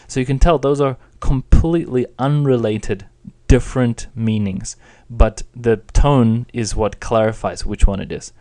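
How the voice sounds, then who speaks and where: A man's voice: mid-range voice, a little slow, warm tone. A young man giving a patient, plain spoken lesson, explaining and demonstrating intonation. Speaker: Chinese teacher.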